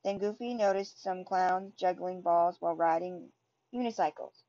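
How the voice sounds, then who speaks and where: A woman's voice: lowish voice, moderate pace, mellow, dull audio. Woman reading a storybook aloud. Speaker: storybook reader.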